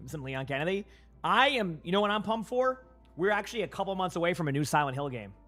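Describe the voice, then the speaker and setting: A man's voice: high voice, expressive, fast talker, a bit bright, soft background music. A young man with a Boston accent giving casual, rambling live-stream commentary while playing and chatting with viewers on a headset mic.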